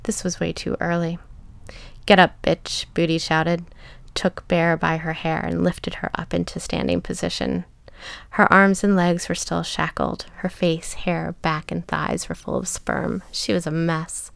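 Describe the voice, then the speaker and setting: A woman narrating a story in a soft, measured reading that often drops to a whisper. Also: on the low side, level tone, vocal fry, no echo.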